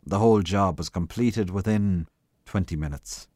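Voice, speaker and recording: A man reading a short story aloud in a measured, unhurried way. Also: low voice, a little mellow, no echo, studio quality. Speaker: guest reader.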